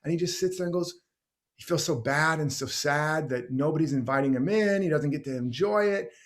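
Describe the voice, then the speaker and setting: A man's voice: a little high, brisk. Passionate, rambling male storyteller. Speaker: guest teacher. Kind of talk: conversational interview.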